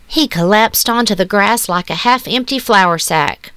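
A woman reading a short story aloud in a measured, hushed, wistful way. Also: mid-range voice, lively intonation, clear, resonant tone, no room sound. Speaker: story narrator. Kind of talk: scripted storybook narration. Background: soft music.

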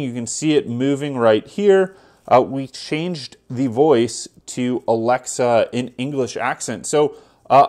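Easygoing man walking through settings. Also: medium pitch. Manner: easygoing, talks through each step with "uh" fillers. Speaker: tech tutorial host. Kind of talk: casual screen walkthrough.

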